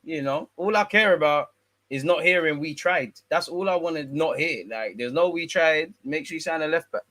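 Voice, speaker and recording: A man's voice: a little high, moderate pace, fairly bright tone, no room sound. A man hosting a fan channel, casually reading and answering viewer comments in a slangy, bantering way. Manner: slangy, laid-back, bantering.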